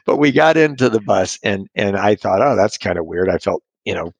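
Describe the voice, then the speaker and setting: A man's voice: on the low side, lively intonation, fairly quick, dry recording, lo-fi sound. A middle-aged man telling a personal story in conversation, meandering and self-deprecating with frequent restarts.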